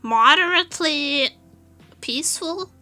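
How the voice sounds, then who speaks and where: A Portuguese woman streaming a casual chat, telling an animated story with frequent laughter and swearing. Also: high voice, slow, faint music behind. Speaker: VTuber streamer.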